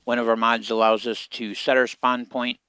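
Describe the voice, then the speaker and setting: A man giving relaxed, casual commentary as he plays a survival game, talking half to himself. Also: mid-range voice, moderate pace, clear, resonant tone, dry recording. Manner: relaxed, muttering to himself while playing. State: hiccups. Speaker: game streamer.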